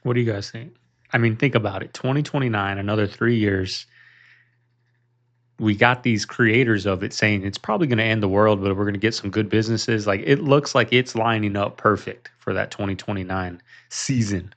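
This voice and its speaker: A man's voice: on the low side, normal speed, fairly bright tone. A man hosting a reaction show, chatting loosely and speaking straight to his viewers. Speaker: reaction channel host. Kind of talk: casual reaction chat.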